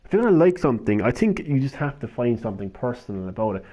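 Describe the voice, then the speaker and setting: A man's voice: medium pitch, warm tone, highs cut off. A young Irish man streaming games, rambling and ranting casually with lots of swearing. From Ireland. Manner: swears freely, rants, laughs. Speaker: gaming live streamer.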